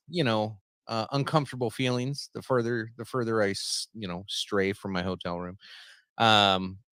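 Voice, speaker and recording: A man's voice: mid-range voice, a bit bright, clean tone, no echo. Guy rambling through a crude funny story, mid voice, dry close sound. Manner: rambling, profane, laughs at his own stories. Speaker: podcast host. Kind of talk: casual storytelling.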